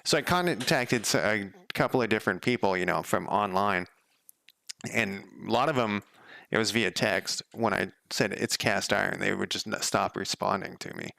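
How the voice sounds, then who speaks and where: Gravelly man thinking aloud while coding. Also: fairly low pitch, normal speed, pushed and bright, dry recording. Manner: rambling, thinks aloud, self-interrupting. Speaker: game developer streaming his coding. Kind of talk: casual live coding chat.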